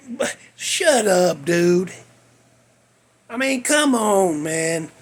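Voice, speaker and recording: A man's voice: sits high, creaky, a bit bright. A man, ranting bluntly in a folksy way as a podcast host. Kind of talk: casual monologue.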